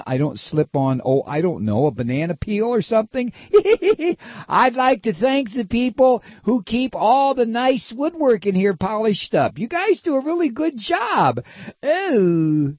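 A man's voice: high voice, husky, no echo, voice pushed up, exaggerated voice. A man putting on a sarcastic, mocking impression of a smug, entitled convicted official thanking the court, heard on a dull, lo-fi recording.

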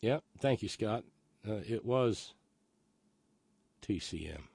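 A rambling, opinionated man speaking in a fairly low voice. He stammers and restarts often while holding forth in a casual monologue and reading out chat messages. The sound is dry and close, with no room around it. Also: expressive, takes it slowly, vocal fry, a little mellow, breathy edge, no echo. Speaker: live stream host reading chat.

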